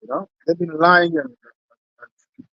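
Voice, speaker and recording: A man's voice: fairly high pitch, fairly even intonation, slow pace, no echo, muffled recording. A man in a religious camp talk, reading scripture aloud in emphatic archaic wording. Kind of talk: preaching conversation with scripture reading.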